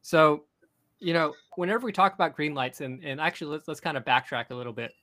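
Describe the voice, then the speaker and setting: A young man hosting a podcast, telling a fishing story in an excited, rambling way with many restarts. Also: fairly high pitch, fast, dry recording, poor audio. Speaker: podcast host. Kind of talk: casual storytelling chat.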